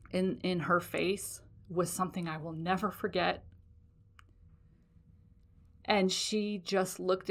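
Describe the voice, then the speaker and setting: A woman's voice: on the low side, a bit bright. A woman in her forties hosting a podcast, telling a personal story in a blunt, profane, confessional way. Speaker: podcast host.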